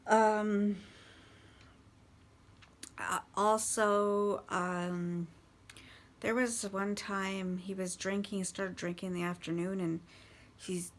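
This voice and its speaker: A woman casually recounting life with a partner's drinking, halting and swearing bluntly, with many restarts. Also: mid-range voice, little pitch movement. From Canada. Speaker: partner of a recovering alcoholic. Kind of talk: casual personal storytelling.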